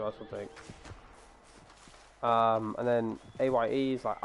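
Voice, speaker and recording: A man's voice: medium pitch, flat delivery, unhurried, long pauses. English man chatting on stream, noisy. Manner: rambling, explains with many fillers. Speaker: game streamer. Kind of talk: casual chat while gaming. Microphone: gaming headset.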